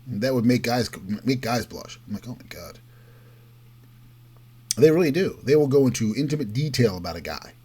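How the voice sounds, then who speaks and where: Emphatic man with a husky voice. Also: mid-range voice, animated, a little fast, few pauses, dark tone. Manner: emphatic, mocking quotes in raised voice. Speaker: political commentary host. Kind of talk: opinionated political monologue.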